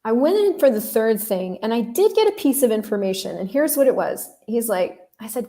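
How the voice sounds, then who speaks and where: A woman hosts a podcast with a warm, mellow voice. She tells a story in a loose, chatty way, talking straight to her listeners. She is candid and swears casually. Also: fairly high pitch, big pitch swings, a little fast, few pauses. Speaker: podcast host.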